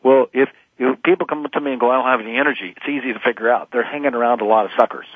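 A man's voice: medium pitch, very fast, breathy edge, no echo. A man in his fifties, a motivational speaker, talking emphatically as a guest in a phone-in radio interview. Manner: emphatic, preachy motivational delivery. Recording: tinny phone line.

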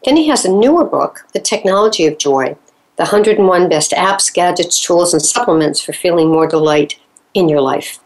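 A woman hosting a radio interview, reading a guest introduction and asking questions at a measured pace. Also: on the low side, lively intonation, rough recording. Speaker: radio talk show host.

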